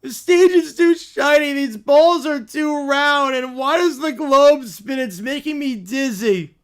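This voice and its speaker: A performer voicing a spoiled cartoon little boy who whines, cries and complains in a high voice. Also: measured pace. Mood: whiny. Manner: whining, crying, complaining.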